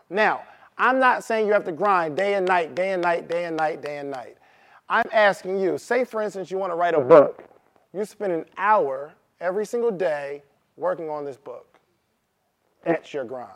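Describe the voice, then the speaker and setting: A man giving a motivational talk to a live audience, asking them questions and repeating his key points. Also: sits high. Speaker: motivational speaker. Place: room with an audience.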